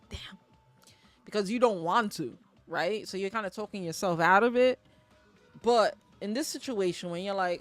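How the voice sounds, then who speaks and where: A woman playing through a game and commenting as she goes. Her voice sits mid-range, loose and conversational, drifting into rambling side thoughts. Soft game music plays faintly behind her. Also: medium pitch, animated, moderate pace. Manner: chatty, rambling asides, casual swearing. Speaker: let's play gamer. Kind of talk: casual game commentary, reading dialogue aloud.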